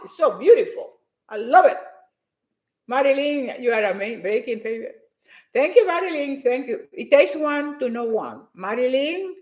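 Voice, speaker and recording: Emphatic high-voiced woman motivational speaker. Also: echoey room. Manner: emphatic, repeats phrases, reads out viewer comments. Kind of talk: motivational live stream talk.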